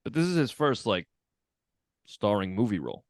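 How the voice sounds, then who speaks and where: A man's voice: lowish voice, very animated, normal speed, no echo, studio quality. A man who teaches, co-hosting a podcast in casual chat, laid-back, swearing and laughing often.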